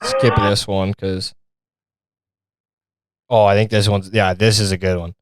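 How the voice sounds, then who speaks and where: A man's voice: lowish voice, level tone, measured pace, heavy background noise. A man hosting a podcast, reacting to videos in a casual, profane and mocking rant. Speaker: podcast host.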